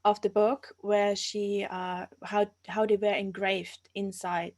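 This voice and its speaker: A woman's voice: mid-range voice, little pitch movement, takes it slowly, darkish tone. A woman in her twenties from Austria, speaking English with an Austrian German accent as an interview guest, hesitant and often restarting as she searches for words. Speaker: guest, archaeology master's student. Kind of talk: casual interview over a live stream.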